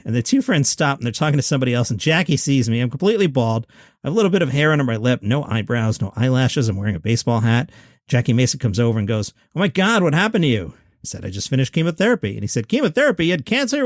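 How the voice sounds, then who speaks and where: A man's voice: medium pitch, dry recording, clean studio sound. A man hosting a podcast, retelling a comedian's stories and acting out the voices in them. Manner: animated storytelling, acting out quoted voices. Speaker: podcast host.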